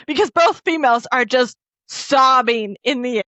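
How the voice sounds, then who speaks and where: Woman, book podcast co-host, casual recap, quoting characters, emotional, slightly high voice, dull dry lo-fi sound. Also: moderate pace, bright, forceful tone, no echo. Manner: emotional, laughs and chokes up while recounting. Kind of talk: casual book recap, retelling scenes with quoted dialogue.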